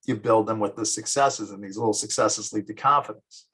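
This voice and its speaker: Lively middle-aged teacher, husky voice, talks through examples by acting them out. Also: male voice, lowish voice, poor audio. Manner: lively, acts out children and parents in quick asides. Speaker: psychology teacher. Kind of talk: classroom lecture.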